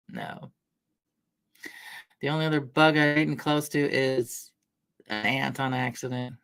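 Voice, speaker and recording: A woman's voice: extremely low pitch, steady tone, takes it slowly, vocal fry, pauses often, a bit bright. A middle-aged woman from Washington State chatting casually on a livestream, rambling through stories, laughing often and greeting viewers by name. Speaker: livestream host. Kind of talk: casual chat with live chat readers.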